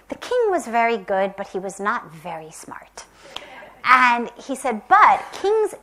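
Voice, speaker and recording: A woman from the United States telling a spiritual parable in a soft, gentle, reflective way, sometimes dropping to a whisper. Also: fairly high pitch. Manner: slow, gentle and reflective, with long pauses. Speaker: spiritual teacher. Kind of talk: spiritual storytelling talk.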